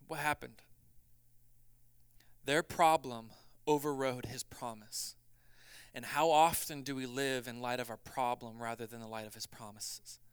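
Male pastor, sermon delivery, clear smooth tone, dry close sound, conversational then urgent. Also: medium pitch, steady tone, measured pace, long pauses, no echo. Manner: builds from quiet reflection to loud, urgent preaching; conversational, acts out quoted voices.

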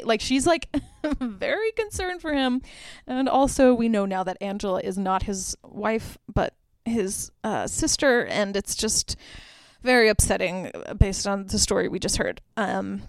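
A woman's voice: medium pitch, a little mellow, clear, resonant tone, no room sound, studio quality. A young woman hosting a podcast, casually retelling a film plot with many filler words and quoted lines. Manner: chatty, lots of "like" fillers; quotes characters in her own voice. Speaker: podcast host.

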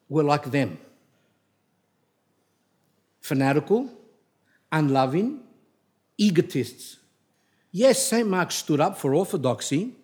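A man's voice: a little high, darkish tone. A middle-aged man giving a religious talk, telling stories in a digressive way and often restarting his sentences, turning blunt and emphatic when he scolds. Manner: digressive, anecdotal, with frequent restarts. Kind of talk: rambling spoken religious talk.

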